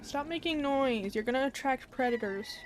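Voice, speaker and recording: A young woman streaming a game, excitable and swearing freely, talking to the characters on screen. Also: high-pitched, moderate pace, a little hiss or hum, rough recording. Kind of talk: casual gameplay commentary. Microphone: desk mic.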